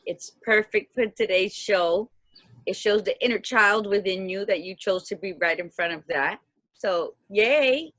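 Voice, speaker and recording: A woman in her fifties co-hosting a casual livestream chat, lively and laughing, dropping Spanish greetings. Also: mid-range voice, a little slow, no room sound. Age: 50s. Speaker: co-host, life coach. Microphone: video call.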